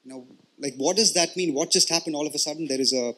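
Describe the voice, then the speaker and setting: A man's voice: a little high, fast talker, bright, forceful tone, breathy edge. A male pastor preaching in a conversational, explanatory way, often checking in with "right?" and "you know" and repeating words as he goes. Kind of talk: conversational sermon.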